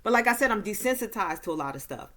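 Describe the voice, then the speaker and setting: A woman giving a casual movie recap and review, talking slowly and easily, with frequent fillers. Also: medium pitch, lively intonation, fairly bright tone. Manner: slow, easygoing delivery with many fillers.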